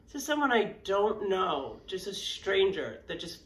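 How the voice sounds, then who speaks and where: A woman's voice: mid-range voice, very animated, measured pace. A woman in her forties talking casually to camera as a yoga vlogger, frank and rambling, with many fillers and restarts. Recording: roomy sound from a distance with faint background noise.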